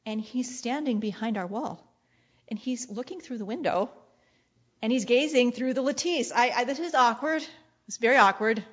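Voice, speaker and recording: A woman preacher giving a sermon in a playful, animated way. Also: fairly high pitch, muffled recording. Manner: playful and animated, often laughing and acting out quoted lines.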